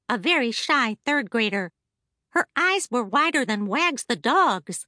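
Bright-voiced woman narrating a children's audiobook. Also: fairly high pitch, expressive, unhurried, dry recording, studio quality. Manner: cheerful, chatty first-person narration. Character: a stuffed toy telling the story, the teacher's favorite.

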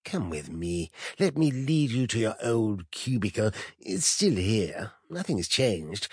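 A man voicing an ageless, sinister drug-den host who speaks in a breathy, falsely hearty voice, slow and coaxing. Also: fairly low pitch, big pitch swings, darkish tone, dry recording, studio quality, full character voice. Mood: wheedling. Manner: silky, wheedling, slow and coaxing. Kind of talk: audiobook character voice.

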